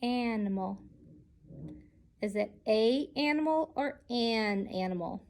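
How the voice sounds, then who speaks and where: Slow, patient woman teaching children. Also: on the high side, a little mellow. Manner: slow, patient, sounds out letters. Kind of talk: children's grammar lesson.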